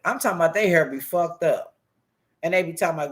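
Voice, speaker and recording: A man's voice: a little high, quick pace. A man ranting casually about online streamers, telling stories full of profanity and laughter, and acting out what other people said. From Washington DC. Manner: animated, profane storytelling with lots of laughter; acts out other people's quotes in shifting voices. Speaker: YouTube commentator.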